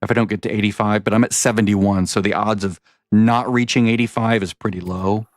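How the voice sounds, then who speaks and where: A man's voice: lowish voice, fairly even intonation, brisk, no room sound. A man giving casual, rambling commentary over his game, often stopping to correct himself. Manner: rambling, self-correcting, chatty. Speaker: gaming vlogger.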